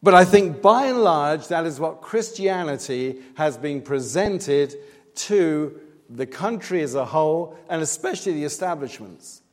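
A man delivers a sermon, earnest and emphatic. His voice sits a little high for a man. A long reverb from the church hall trails after each phrase. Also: lively intonation, measured pace. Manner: earnest, emphatic, rising to loud stress on key points. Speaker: preacher.

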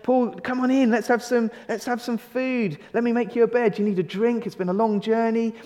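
A man's voice: very high voice, steady tone, mellow, long reverb tail, pitched above the performer's own voice. A man putting on a gushing, overjoyed host. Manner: effusive, rapid-fire friendly questions. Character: overjoyed male host greeting an old friend.

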